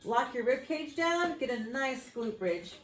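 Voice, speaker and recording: An upbeat woman fitness coach talks a class through a floor workout, cheering with whoops and sounding slightly out of breath as she exercises along. Her voice is a little high and rings in an echoey room with faint music behind it. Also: expressive, measured pace. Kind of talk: workout instruction.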